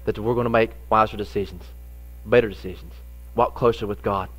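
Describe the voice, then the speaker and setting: A middle-aged man, a pastor telling a folksy personal story in a sermon, lively in the funny parts and quieter when serious. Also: lowish voice, fairly quick, highs cut off.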